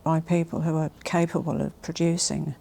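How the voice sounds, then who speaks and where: A woman vlogger presenting a haul in a casual, gushing and emotional way, often dropping to soft whispers. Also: sits low, level tone, moderate pace, creaky. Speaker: fashion vlogger.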